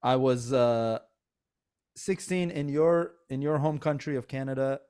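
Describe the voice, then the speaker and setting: A comedian hosts a laid-back podcast, telling lively stories full of fillers and laughter. His voice sits at a medium pitch and sounds clear and resonant, and he never rushes.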